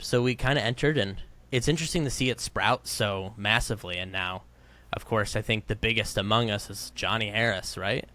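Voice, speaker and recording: A young man co-hosting a podcast in casual, joking chat. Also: lowish voice. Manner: chatty, joking, lively. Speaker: podcast co-host.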